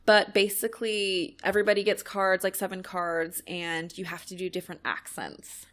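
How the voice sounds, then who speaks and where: A woman's voice: medium pitch, fairly even intonation, moderate pace, fairly bright tone. A young woman from Kentucky co-hosting a podcast, chatting casually with lots of "like" and "um" and laughing easily. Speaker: podcast co-host.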